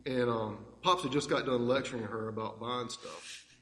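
A man tells warm, rambling family stories as a eulogy. His voice is middle-pitched. It rings through a large church with a long, roomy reverb. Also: moderate pace. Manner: warm, rambling, fond anecdotes. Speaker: grandson giving a eulogy. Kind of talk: heartfelt eulogy storytelling.

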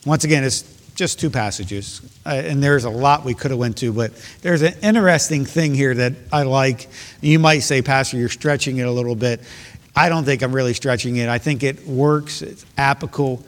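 Emphatic preaching man, echoing hall. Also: medium pitch. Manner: earnest, emphatic preaching with repeated phrases. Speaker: pastor. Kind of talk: sermon. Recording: long hall reverb.

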